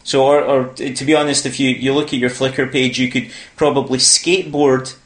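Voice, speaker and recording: A man's voice: mid-range voice, level tone, normal speed, fairly bright tone. A Scottish man hosting a podcast, chatting casually and wandering off on tangents. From Scotland. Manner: rambling, goes off on tangents. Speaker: podcast host. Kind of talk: casual conversation. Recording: echoey room.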